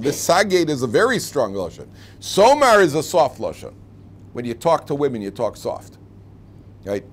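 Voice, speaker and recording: A man's voice: on the high side, slight background noise. A man teaching a casual Torah class, chatty and joking, acting out quoted lines. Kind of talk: informal classroom lecture.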